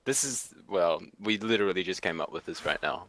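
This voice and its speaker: American male co-caster, lowish voice, relaxed banter and laughter. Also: brisk, no room sound. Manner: laughs often, easygoing banter. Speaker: esports co-caster. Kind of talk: esports commentary.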